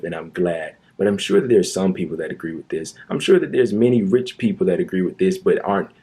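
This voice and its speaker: A man's voice: low voice, warm tone, slightly rough. A man delivering an opinionated commentary monologue, indignant and sarcastic, pressing his points with emphatic repetition. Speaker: commentary youtuber.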